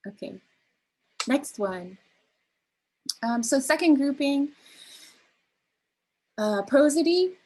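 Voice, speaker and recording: A woman leading a beginner spoken word workshop, explaining delivery gently with frequent ums and restarts. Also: high-pitched, animated, slow pace, long pauses, rough recording. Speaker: workshop facilitator.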